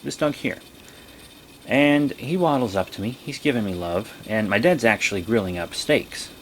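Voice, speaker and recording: A young man vlogging, telling a rambling story in a casual way and breaking into high, excited exclamations. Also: normal speed, slight background noise.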